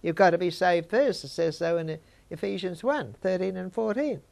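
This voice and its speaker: Older woman, Bible teacher, conversational, gravelly voice with a little fry. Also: fairly low pitch, moderate pace, darkish tone. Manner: conversational, chats with listeners.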